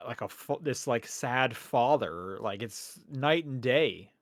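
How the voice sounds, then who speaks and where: A man's voice: medium pitch, expressive, slow pace, dry recording, studio quality. A man co-hosting a video game podcast, chatting casually with wry, sarcastic asides. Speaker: podcast co-host. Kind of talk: casual chat.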